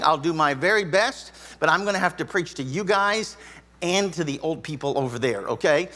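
A man's voice: high voice, bright, forceful tone. A man preaching a sermon in a church auditorium, folksy and joking with the congregation. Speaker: pastor.

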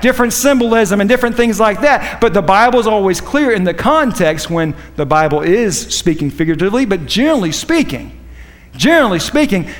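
High-voiced fervent preacher in a reverberant church. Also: male voice. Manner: fervent, repetitive, rambling asides. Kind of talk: sermon.

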